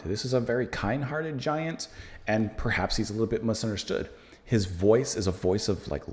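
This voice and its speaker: A man's voice: on the low side, darkish tone. Chatty American man reacting to music. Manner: musing, thinks aloud with many fillers. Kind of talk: casual music reaction and review.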